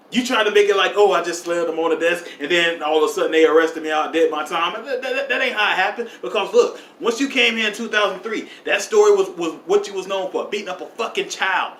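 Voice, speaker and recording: A man's voice: sits high, bright, forceful tone, reverberant, a little hiss or hum. A man in a comedic argument, scolding and mocking the other speaker bluntly.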